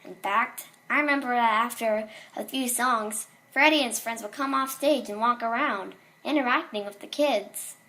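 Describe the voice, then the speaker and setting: A woman's voice: on the high side, moderate pace, hardly any pauses, bright, forceful tone. A woman reading a horror story aloud in a casual way, with small slips and restarts.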